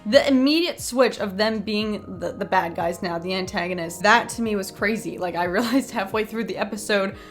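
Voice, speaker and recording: Woman, tired late-night voice, chatty unscripted review, gushing, mid-pitched. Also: normal speed, few pauses, faint music behind. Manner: chatty and gushing, with many filler "like"s. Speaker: TV episode reviewer.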